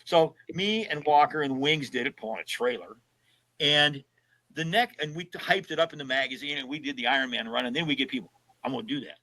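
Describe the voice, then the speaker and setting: This is a slightly high, slightly fast male voice on a rough recording. He's a seventy-something podcast guest sharing road trip stories in a relaxed chat, and he brings them to life by acting out the voices of the people he quotes.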